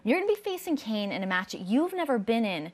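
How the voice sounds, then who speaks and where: A woman interviewing a wrestler, asking clear, steady questions. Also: a little high, quick pace. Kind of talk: sports interview.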